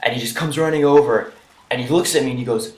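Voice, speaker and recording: A man's voice: medium pitch, fast. A young man casually telling a story from his school days, rambling with lots of "like" and "you know". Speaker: vlogger. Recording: roomy echo with faint noise.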